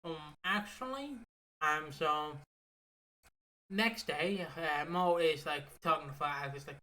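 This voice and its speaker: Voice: mid-range voice, takes it slowly. A podcast co-host, casually recapping a soap opera in a rambling, swearing chat. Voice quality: bright, rambling with fillers and swearing.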